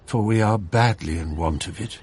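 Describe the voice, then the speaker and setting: A man voicing a worried middle-aged father who asks gently and pleadingly. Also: lowish voice, normal speed, a little hiss or hum, close to an everyday voice.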